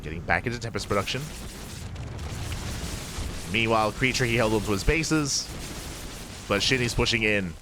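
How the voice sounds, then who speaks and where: A man casting a live strategy game match, calm in his play-by-play and bursting with excitement when the fights break out. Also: on the low side, moderate pace, pauses often, noisy background. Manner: excitable, rising sharply in big moments. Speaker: esports caster.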